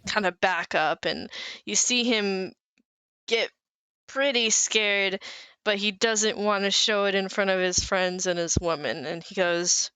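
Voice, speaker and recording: A woman runs a tabletop game, describing scenes in a casual, halting way with plenty of fillers. Her voice is smooth and clear. The sound is dry and close. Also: medium pitch, pushed and bright, no echo. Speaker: game master.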